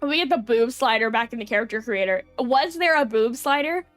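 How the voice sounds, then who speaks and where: A young woman streamer talking in a loose, rambling way, full of "like" and little laughs. Her voice sits a bit high, and the recording is close and dry with faint music underneath. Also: lively intonation, fairly quick, fairly bright tone, dry recording. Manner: rambling, filler-heavy, giggly. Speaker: VTuber streamer. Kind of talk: casual live-stream chat.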